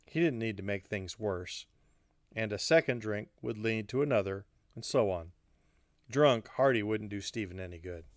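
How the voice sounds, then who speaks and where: A man narrating an audiobook in a measured way, often dropping into low, hushed tones. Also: dry recording, clean studio sound. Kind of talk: scripted narration.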